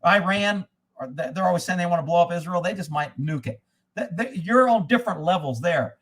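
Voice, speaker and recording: A man with a somewhat higher voice for a man, talking off the cuff as he answers viewer comments. He is blunt and opinionated and swears freely. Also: animated, brisk, fairly bright tone. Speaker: host reading viewer comments. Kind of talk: casual live commentary.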